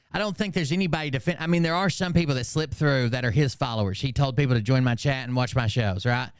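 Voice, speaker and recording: Profane, rambling male host, smooth voice. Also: mid-range voice, lively intonation, brisk, few pauses, no echo, studio quality. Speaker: channel host. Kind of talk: casual livestream rant.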